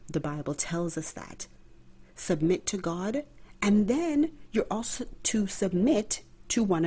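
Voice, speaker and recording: A woman's voice: fairly low pitch, dark tone, slightly rough. A woman hosting a faith-based podcast, talking earnestly and like a preacher, with rhetorical questions and direct address to her listeners. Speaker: podcast host.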